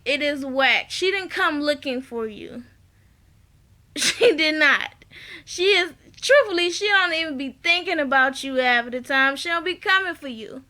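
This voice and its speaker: A woman with a high, bright voice talks through a reality-show episode in a loose, slangy recap. She is blunt and opinionated and keeps breaking into laughter as she goes. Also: measured pace. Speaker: TV show reviewer. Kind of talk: casual recap vlog.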